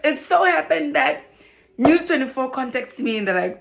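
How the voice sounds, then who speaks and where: A woman's voice: sits high, fast talker, gravelly. A South African woman talking casually to camera as a vlogger, telling her story with lots of laughter. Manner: animated storyteller, laughs often. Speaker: vlogger and social worker.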